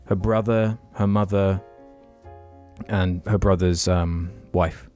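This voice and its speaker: A man's voice: low-pitched, steady tone, takes it slowly, darkish tone, faint music behind. A man co-hosting a podcast, telling a story in casual chat, frank and sweary, with many restarts. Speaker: podcast co-host.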